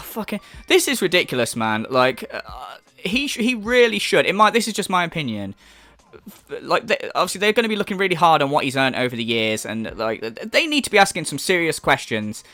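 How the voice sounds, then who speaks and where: A man's voice: fairly high pitch, very animated, a little fast, sharp tone, no room sound. A man hosting a commentary rant, profane and mocking, sarcastic about the person he is discussing. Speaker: commentary channel host.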